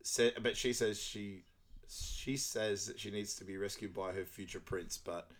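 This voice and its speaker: A man's voice: on the low side, fairly even intonation, a little slow. A man co-hosting a podcast, recapping a film in casual chat, rambling with lots of fillers. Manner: rambling with many fillers, acts out quotes. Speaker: podcast co-host.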